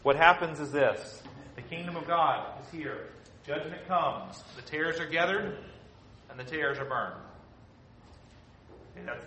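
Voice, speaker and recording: A man preaching a sermon with emphasis, often asking "okay?" and swinging between loud stresses and hushed lines. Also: fairly high pitch, a little hiss or hum.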